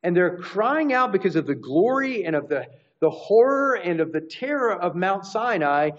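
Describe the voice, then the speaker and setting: Guy preaching a bible teaching, bit high voice, dull lo-fi sound. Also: very animated, normal speed. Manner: teaching, restarts mid-phrase. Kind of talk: sermon. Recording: dull lo-fi recording.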